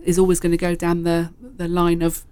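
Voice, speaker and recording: A woman, a hypnotherapist, explaining in a relaxed conversational way, often pausing with fillers and repeating phrases. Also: fairly low pitch, clear, resonant tone, no echo. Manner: hesitant, filler-heavy, uses repeated self-talk phrases.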